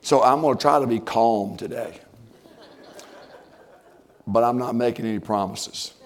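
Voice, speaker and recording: A man's voice: medium pitch, a little slow. Earnest man preaching a sermon. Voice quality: voice strained, rises when excited. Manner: earnest, folksy preaching with everyday examples. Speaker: pastor. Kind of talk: sermon with scripture reading and prayer. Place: church sanctuary.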